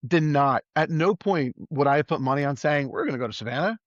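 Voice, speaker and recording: Middle-aged man telling a lively story. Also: a little high, fast talker, dry recording. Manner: animated, acts out quoted voices. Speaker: EMS professional and podcast guest. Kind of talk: casual storytelling. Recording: dull, dry close recording.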